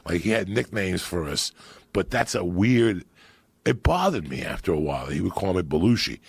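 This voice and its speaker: A middle-aged man telling loud, profane, laughing stories as a podcast guest. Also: low-pitched, sing-song, moderate pace, creaky, slightly rough, no echo. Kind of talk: profane storytelling chat.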